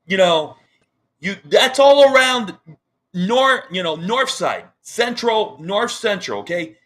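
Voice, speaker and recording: A man's voice: high voice, sing-song, slow pace, fairly bright tone. A man hosting a live-streamed interview over a video call, talking with upset passion and repeating himself. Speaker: online news show host.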